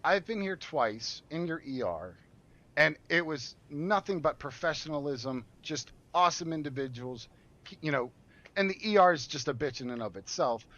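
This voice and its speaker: A man's voice: a little high, lively intonation, normal speed, fairly bright tone. A man streaming a game who tells a story in a casual, profane and indignant way, with heated outbursts. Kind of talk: casual storytelling while gaming. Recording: muffled lo-fi audio.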